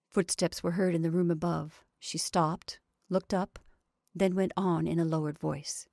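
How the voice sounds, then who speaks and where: Female storyteller, low gravelly read-aloud voice, measured and soft. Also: steady tone, no room sound, clean studio sound. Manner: measured, soft, drops to whispers. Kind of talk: reading a short story aloud.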